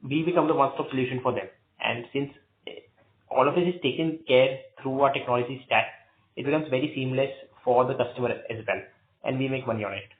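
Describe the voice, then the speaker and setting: A company executive with an Indian accent lays out his answer point by point, often saying "you know". His voice comes through a thin phone line from a room with a noticeable echo. His pitch sits mid-range for a man. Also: fast. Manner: structured, explanatory, uses "you know". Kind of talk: earnings call answer.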